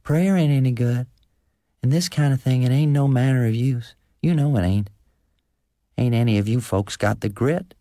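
A man's voice: mid-range voice, moderate pace, mellow, no room sound, studio quality, pitched above the performer's own voice, natural voice. A man voicing a bitter, thin, cold rural farm wife who speaks bluntly in rustic speech, read as an audiobook character. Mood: insistent.

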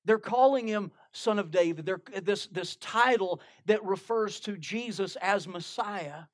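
A man's voice: high-pitched, unhurried. A man preaching a sermon, retelling a Bible story and quoting scripture in old King James wording, often restarting his phrases.

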